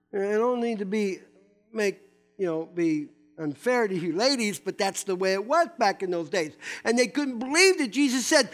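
High-voiced, animated male preacher. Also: normal speed, faint music behind. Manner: animated, emphatic, with casual asides to the congregation. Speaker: pastor. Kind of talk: sermon.

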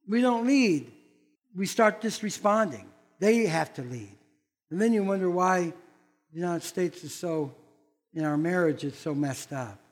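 An older man, a pastor, preaching a sermon in a folksy, blunt manner and acting out quoted voices. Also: high voice.

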